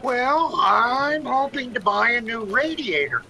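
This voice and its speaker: Lonely old male caller, woman doing it, rambling, slow, bright tone. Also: a little high, expressive, heavily acted, rough recording. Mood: chatty. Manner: rambling, friendly.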